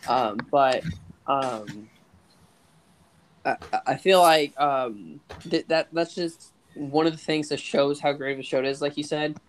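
A young man co-hosting a casual podcast chat, talking haltingly with many restarts and stammers. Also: on the high side. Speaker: podcast co-host.

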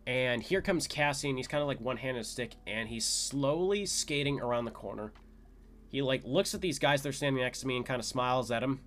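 Excitable young man telling a story. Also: a little fast. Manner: excitable, lots of "like" fillers, jumps to high pitch when quoting shouts. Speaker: podcast host. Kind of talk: casual storytelling monologue.

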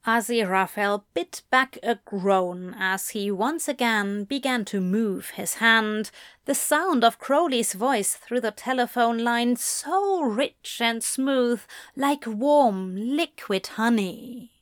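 A woman reads a story aloud in a slow, steady, intimate manner, her voice sitting a touch high. The recording is dry and close with no room sound. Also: dry recording. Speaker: narrator. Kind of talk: audiobook fan fiction reading.

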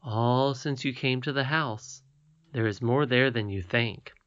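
A man voicing a wise, gentle, mysterious old grandmother queen in an audiobook, calm, measured and tender. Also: medium pitch, lo-fi sound, lightly acted. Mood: gently knowing. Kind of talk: audiobook character reading.

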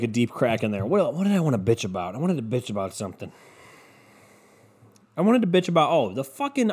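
A man's voice: mid-range voice, a little mellow. A young man from the United States ranting casually, sarcastic and profane, mocking his topic.

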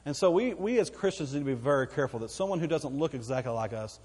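A man's voice: mid-range voice, animated, quick pace, a little mellow, breathy edge, in a large hall. A man with a Texan accent preaching a sermon as pastor, folksy and conversational, with asides to the congregation. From Texas.

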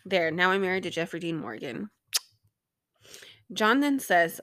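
A woman's voice: fairly low pitch, unhurried, pauses often, a bit bright, no echo. A young woman hosting a podcast, recapping an episode in a rambling, sarcastic way with plenty of swearing and filler words. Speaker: podcast host.

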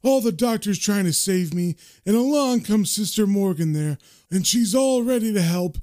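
A man voicing a cheeky, crude old male hospital patient who tells his stories in a raised, lively way. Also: high-pitched, normal speed, pitched above the performer's own voice. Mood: joking.

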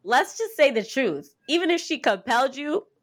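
A woman co-hosting a podcast, recapping a TV episode in casual chat, telling it with animated quotes and swearing freely. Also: sits high, moderate pace. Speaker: podcast co-host.

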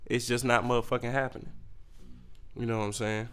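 A young man hosting a podcast, ranting in a profane, animated way with sudden jumps in pitch. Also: fairly quick, clean tone. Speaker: podcast host. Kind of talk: solo comedic rant.

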